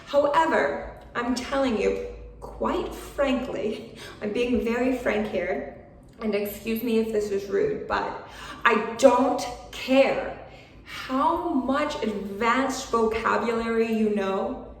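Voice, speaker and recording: A woman's voice: on the high side, slow pace, distant mic. Encouraging woman teacher in an echoey room. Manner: frank, encouraging, with little laughs. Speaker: English teacher. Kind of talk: video lesson talking to camera.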